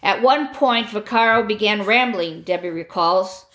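A woman narrating a true crime story in a grave, measured reading voice. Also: medium pitch, fairly bright tone.

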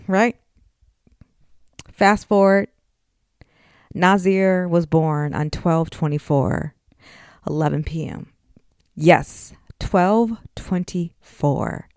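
A woman in her forties hosts a podcast, speaking candidly and emotionally straight to her listeners about personal matters. Her lowish, slightly mellow voice is clean in tone and extremely slow, with frequent pauses. The recording is clean studio sound with no room sound.

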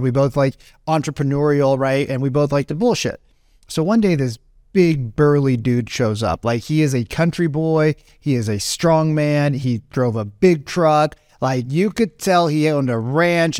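A man in his late thirties or forties, a podcast host telling a rambling, animated story in casual talk. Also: mid-range voice, no room sound, clean studio sound. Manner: rambling, animated, acts out quoted voices.

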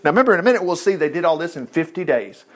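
Folksy preacher guy, voice sits high and bounces all over, chatty asides mid sermon. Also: very fast. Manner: folksy, animated Bible storytelling with asides.

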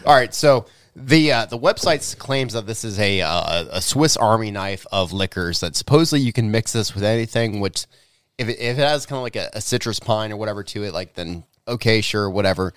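A man's voice: on the low side, animated, a little fast, a bit bright, clear, resonant tone, no room sound, clean studio sound. A man co-hosting a podcast, swearing freely and rambling in a joking, casual way. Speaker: podcast co-host. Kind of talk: casual chat.

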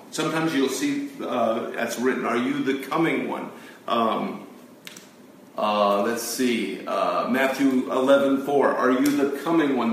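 A man's voice: mid-range voice, slight background noise. A man giving a conversational teaching sermon to a congregation, asking them questions as he goes. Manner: conversational, asks the audience questions. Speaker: pastor. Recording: echoey room, mic from a distance.

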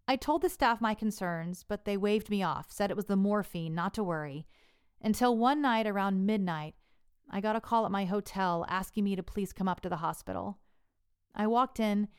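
A woman earnestly narrating a personal story in a measured way. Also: mid-range voice, animated, smooth.

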